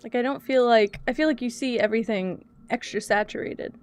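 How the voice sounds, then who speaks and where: A young woman chatting casually on a livestream, soft-spoken and quick to laugh as she talks to her cats and her chat. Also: a little high, clear, resonant tone, soft background music.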